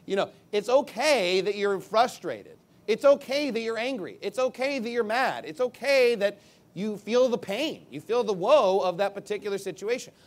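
Male preacher, high voice, emphatic, conversational sermon. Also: expressive, moderate pace. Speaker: pastor.

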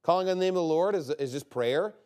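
A man preaching a sermon in a conversational, emphatic way, often checking in with "okay?" and swinging from quiet asides to loud bursts. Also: quick pace. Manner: swings from low, quiet asides to loud, high-pitched outbursts.

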